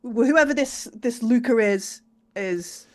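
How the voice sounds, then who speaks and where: A woman player at a tabletop game, talking casually and swearing freely. Her pitch sits somewhat high. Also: slow, darkish tone.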